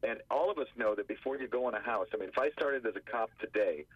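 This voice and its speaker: Attorney guest calling in by phone, a husky man who acts out quotes, a muffled and dry line. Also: medium pitch, fast, no echo. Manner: animated storyteller acting out quotes. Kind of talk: radio phone interview storytelling. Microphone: telephone.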